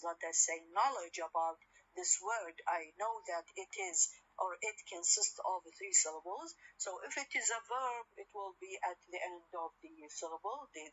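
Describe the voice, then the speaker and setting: A woman's voice: fairly low pitch, a bit bright, husky. Hesitant woman lecturer, Arabic accent. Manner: hesitant, many fillers and restarts. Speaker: university lecturer. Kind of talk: recorded lecture. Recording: dull lo-fi recording, faint noise.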